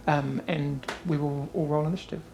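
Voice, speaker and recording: A woman's voice: low-pitched, fairly even intonation, moderate pace, creaky, dull audio, very noisy. A woman narrating as game master in a casual, rambling way with many fillers.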